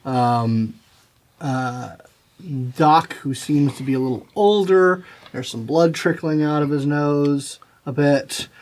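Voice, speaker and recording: Male game master, slightly high-pitched, halting narration for a tabletop game. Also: a little mellow. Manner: halting, lots of fillers and restarts.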